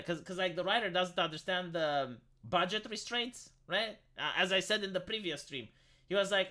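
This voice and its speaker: At normal speed and with a bright, forceful, medium-pitched voice, a live streamer delivers a blunt rant in casual chat. They swear a lot, ramble, break off mid-thought and repeat words.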